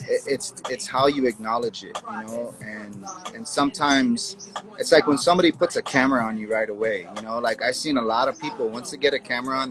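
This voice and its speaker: A man's voice: medium pitch, rough recording. A man talking easygoingly as a guest in a casual chat, often repeating words as he starts his sentences.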